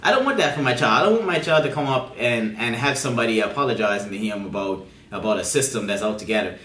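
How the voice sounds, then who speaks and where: A man's voice: mid-range voice, animated, fast talker, bright, forceful tone, slight background noise. A man co-hosting a casual political discussion, pressing his points emphatically and repeating words. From Bermuda. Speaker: co-host. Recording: roomy, from a distance from the mic.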